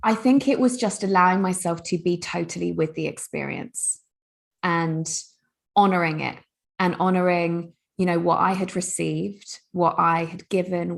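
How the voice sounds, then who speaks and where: A woman's voice: fairly low pitch, fairly even intonation, normal speed, vocal fry. A woman in an earnest, reflective podcast conversation, musing aloud and often saying "you know, like".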